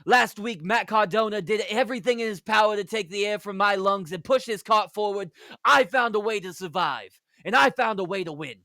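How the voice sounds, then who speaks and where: A man's voice: sits high, fairly quick, pushed and bright, no room sound, studio quality, voice pushed up. A man putting on a posh British wrestler's boast. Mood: defiant. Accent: put-on British. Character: cocky British male wrestler cutting a promo.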